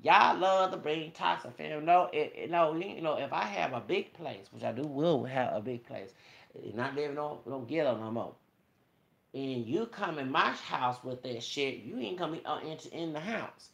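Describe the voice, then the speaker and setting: A vlogger with a creaky, slightly bright voice on the high side rants straight to his viewers at a moderate pace, his intonation lively and the sound reverberant. The monologue is preachy and profane, quoting scripture and addressing everyone as y'all.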